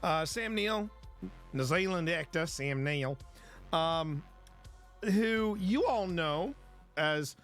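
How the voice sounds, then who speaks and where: A man's voice: on the high side, lively intonation, takes it slowly, pauses often, fairly bright tone, faint music behind. A man hosting a casual livestream and chatting in a joking, rambling way. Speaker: livestream host.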